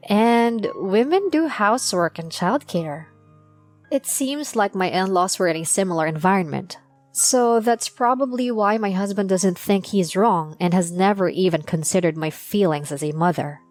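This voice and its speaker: A young adult woman narrating her own story as a mother, in a plain, steady confessional tone. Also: lowish voice. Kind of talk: first-person storytelling. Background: faint music.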